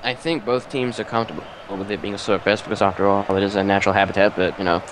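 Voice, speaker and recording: A man's voice: lowish voice, fairly even intonation, racing. A man co-commentating a football match with dry, wry remarks in casual banter. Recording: noisy background.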